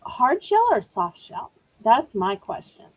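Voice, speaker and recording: A woman's voice: on the high side, big pitch swings, takes it slowly, darkish tone, low-quality recording. Chatty woman auction host. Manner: chatty, rambling and apologetic. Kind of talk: live-stream selling chat.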